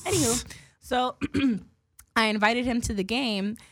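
A woman's voice: fairly high pitch, measured pace, fairly bright tone, dry recording. Young woman podcast host, rambling and profane, dry close mic. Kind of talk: casual chat.

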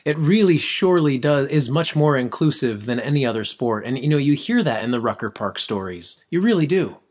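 A man hosting an interview, thinking out loud and reflecting on what his guest has said. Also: medium pitch, animated, a little fast. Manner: reflective, gives brief affirmations and laughs. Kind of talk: conversational interview.

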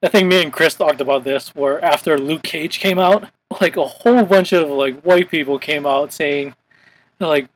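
A man's voice: on the high side, moderate pace, rough recording. A young man from Hawaii hosting a casual podcast chat, rambling with lots of "like" fillers. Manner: rambling, heavy use of "like" as filler. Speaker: podcast host.

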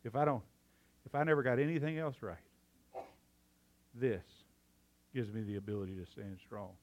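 A man preaching a sermon, excitable and out of breath, swinging from loud fervor to hushed emphasis. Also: medium pitch, moderate pace, muffled recording, slight background noise. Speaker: pastor.

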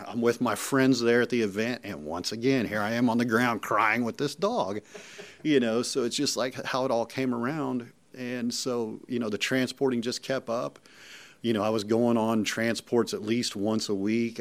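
A middle-aged man, a volunteer telling a personal story in an earnest, emotional way and often repeating himself. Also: fairly low pitch. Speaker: rescue volunteer.

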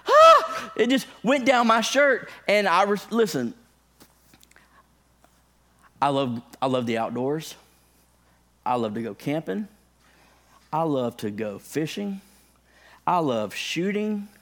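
Animated storytelling pastor, a man. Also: slow pace, long pauses. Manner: animated storyteller, high excited bursts. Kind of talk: sermon with funny personal story.

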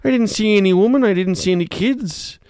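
Guy putting on a squeaky frantic drugged intruder, dry close sound, yelling his story. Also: a little fast, no room sound, natural voice. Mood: insistent. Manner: high, excited, breathless storytelling. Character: rambling drugged homeless male intruder.

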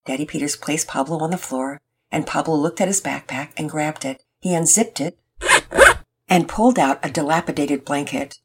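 A woman's voice: low voice, moderate pace, a little mellow, slight background noise. A woman hosting and narrating a children's family story, reading it aloud. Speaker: storyteller and host.

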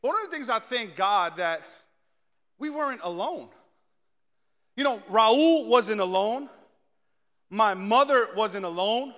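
Male preacher, high and bright, animated storyteller who acts out his quotes; long hall reverb. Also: a little slow, long pauses. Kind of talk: storytelling sermon.

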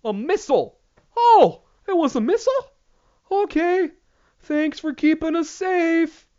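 A man voicing a gullible, trusting civilian in a squeaky, exaggerated high voice. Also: lively intonation, measured pace, warm tone. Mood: naive. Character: gullible, cheerful adult civilian, naively trusting. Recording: dull lo-fi recording.

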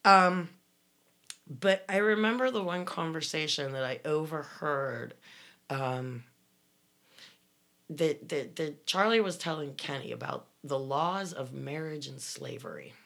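A woman's voice: deep voice, animated, takes it slowly, a bit bright. A woman, casually recounting her time in a commune, rambling with restarts. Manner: rambling, many restarts, laughs while telling. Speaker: guest recounting life in a commune. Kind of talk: casual conversational storytelling.

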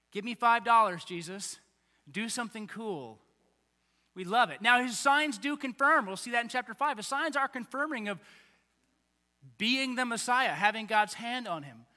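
A man preaching a conversational, animated sermon as pastor, acting out little voices along the way. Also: high-pitched. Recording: long hall reverb.

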